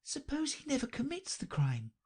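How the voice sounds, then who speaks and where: A woman's voice: high-pitched, wildly swooping pitch, moderate pace, a little mellow, husky, voice pushed up, heavily acted. Woman doing a timid, polite little Alice. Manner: timid, earnest and politely questioning. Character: polite, curious young girl.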